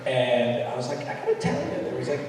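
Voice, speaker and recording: A man's voice: mid-range voice, a little fast, noisy background. Man telling a story in an echoey hall. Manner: animated anecdote, acting out others' lines. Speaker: film director guest. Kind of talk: storytelling in a live onstage conversation. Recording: echoey hall recording from far off.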